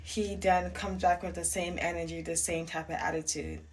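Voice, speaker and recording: A woman's voice: fairly low pitch, flat delivery, normal speed. Young woman spilling a storytime, sassy and emphatic, casual chat. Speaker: vlogger. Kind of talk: storytime vlog.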